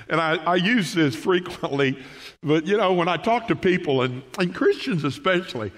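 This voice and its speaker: A man's voice: on the high side, sing-song, moderate pace, fairly bright tone. A male pastor preaching a Sunday morning sermon. He calls the congregation "folks" and reads scripture aloud.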